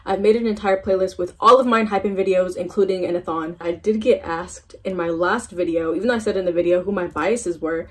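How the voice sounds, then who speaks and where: Husky-voiced young woman gushing over k-pop on her phone cam, kinda tired voice, says like a lot. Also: mid-range voice, darkish tone. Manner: gushing, fangirling, lots of "oh my god" and "like". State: voice tired after waking early. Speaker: K-pop reaction youtuber. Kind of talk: excited reaction vlog chat. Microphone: phone camera.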